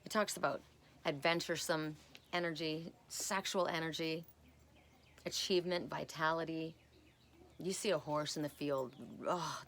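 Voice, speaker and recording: A woman with a low-sitting but fairly bright voice gives a casual spiritual oracle card reading. She chats and rambles with personal asides, often ending her points with "right?"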